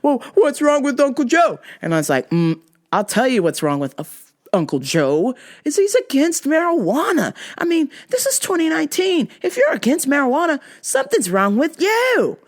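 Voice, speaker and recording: Animated, profane woman ranting. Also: high voice, normal speed. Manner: blunt, profane, exasperated. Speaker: podcast host. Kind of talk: casual storytelling rant.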